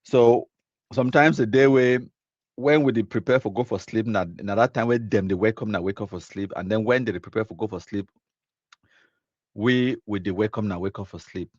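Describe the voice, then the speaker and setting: A man's voice: fairly low pitch, moderate pace, no room sound, dull audio. Chatty Cameroonian man on a live stream. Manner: chatty, mixes in Pidgin, laughs often at comments. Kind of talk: casual live stream reading viewer comments.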